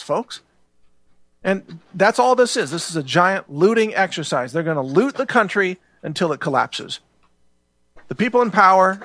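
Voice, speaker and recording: A man's voice: on the high side, a bit bright, no echo. A middle-aged man hosting a political show, speaking in a heated, ranting monologue that often repeats words. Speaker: show host.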